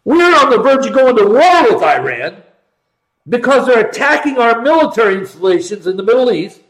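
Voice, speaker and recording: A man's voice: very high voice, sing-song, moderate pace, roomy sound, rough recording. A middle-aged man hosting a political commentary show, talking emphatically and sarcastically and repeating points for stress. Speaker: host.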